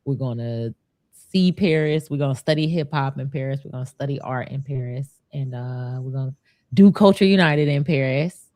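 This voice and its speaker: A woman chatting casually on a podcast, animated and playful, swearing freely. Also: rumbling low, moderate pace, no echo. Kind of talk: casual chat.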